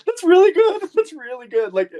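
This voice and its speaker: A man co-hosting a casual podcast chat, amused and quick to laugh and react. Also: very high voice, sing-song, dark tone, muffled recording. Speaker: podcast co-host.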